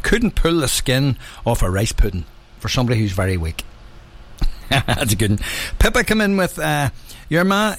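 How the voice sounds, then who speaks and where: A middle-aged man, hosting a radio show in casual chat, laughing often as he reads out listeners' sayings. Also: mid-range voice. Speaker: radio presenter.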